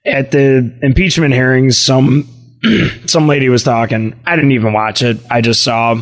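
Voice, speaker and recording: A man's voice: medium pitch, measured pace. A man co-hosting a podcast, ranting in crude casual banter and laughing often. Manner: profane, laughs often, rants. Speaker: podcast co-host.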